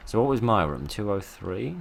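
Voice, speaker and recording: A man with a very deep voice and a gravelly edge talks through a spooky game, tossing off dry, sarcastic asides. His pitch swings widely from line to line, and a faint hiss sits under the recording. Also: sing-song, moderate pace. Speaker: let's play host. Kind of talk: casual gameplay commentary.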